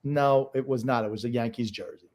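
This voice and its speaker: A man's voice: mid-range voice, steady tone, brisk, darkish tone. A middle-aged man co-hosting a casual podcast, telling stories in a blunt, teasing way. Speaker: co-host, father.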